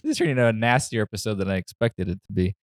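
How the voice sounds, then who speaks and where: A man's voice: on the low side, fast, slight background noise. A man co-hosting a podcast, telling stories casually with plenty of laughter and swearing. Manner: animated storyteller, laughs often, swears freely. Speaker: podcast co-host. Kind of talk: casual chat.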